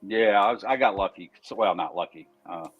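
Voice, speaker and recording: Rambling low-voiced man trading stories. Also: brisk, slightly rough, dull audio, soft background music. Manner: rambling, self-correcting storyteller. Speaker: trader on a panel. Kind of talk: casual chat.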